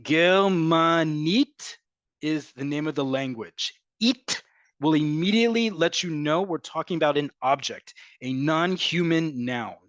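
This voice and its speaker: A fairly high-voiced man teaches a live online language class. He is emphatic and repeats and drills pronunciations. The sound is close and dry, with no room echo. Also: lively intonation, moderate pace, lo-fi sound. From from an American family. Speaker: Hebrew teacher.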